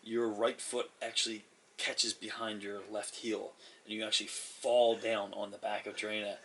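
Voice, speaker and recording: A man's voice: fairly low pitch, level tone, moderate pace, noisy background. A man narrating a tabletop game as game master, casual with many fillers and frequent chuckles.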